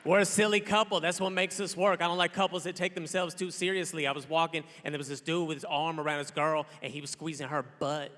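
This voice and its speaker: A man in his thirties doing a loud, playful stand-up comedy set on a large theater stage, acting out characters. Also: fairly high pitch, steady tone, quick pace, few pauses. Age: 30s. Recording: long hall reverb, crowd noise.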